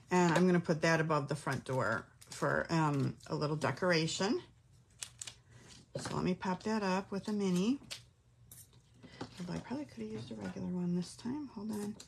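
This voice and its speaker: A woman's voice: on the low side, a little hiss or hum. A middle-aged woman hosting a casual craft tutorial from her home craft room, chatting and thinking aloud as she works. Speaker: craft class host.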